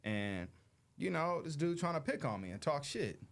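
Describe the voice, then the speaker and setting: This show host, a thirty-something man from LA, has a slightly high, sing-song voice with vocal fry and a fairly bright tone, speaking at a moderate pace. He tells a story to his audience loosely and slangily, acting out whoever he quotes.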